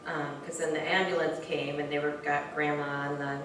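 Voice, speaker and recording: A woman telling an informal personal story to a spiritual gathering. She is animated, often restarts sentences and uses many fillers. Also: low-pitched, normal speed. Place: hall of a spiritual center. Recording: very echoey room from far off with faint noise.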